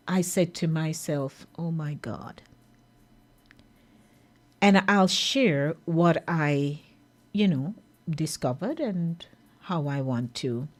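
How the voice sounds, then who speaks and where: A woman hosting a radio talk show, explaining her topic in a measured, earnest way. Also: low voice.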